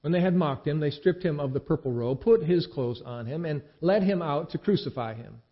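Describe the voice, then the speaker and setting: A man giving a dramatic scripture reading, expressive, with the quoted speech acted out. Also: a little high, moderate pace. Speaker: scripture reader. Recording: dull lo-fi recording.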